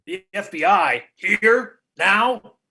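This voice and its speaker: A clumsy police chief who muddles through, full of hesitations and guesses, read by a man. His voice is bright and fairly high. A comedic staged play reading. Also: lively intonation, extremely slow, full character voice. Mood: bumbling. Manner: bumbling, hesitant, filler-heavy.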